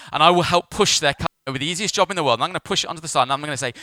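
A man preaching from a church pulpit, telling his story with self-mocking humour. His voice is bright and clean, with a ringing clarity. The sound is close and dry, with almost no room echo. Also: on the high side, expressive, very fast, hardly any pauses. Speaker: pastor. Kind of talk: sermon.

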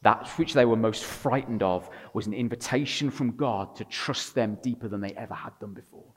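A male preacher delivers his sermon in a church, his medium-pitched voice trailing a long reverb through the large room. He moves from loud, emphatic declarations to hushed, intimate storytelling, with the occasional wry aside to the congregation. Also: moderate pace. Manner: swings between loud emphatic passages and quiet intimate storytelling.

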